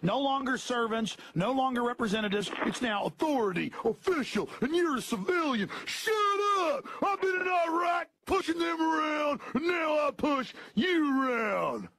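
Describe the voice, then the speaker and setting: A man voicing a sadistic, bullying male cop who taunts and mocks in a gravelly shout. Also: extremely high pitch, animated, normal speed, few pauses, voice pushed up, heavily acted. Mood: gloating.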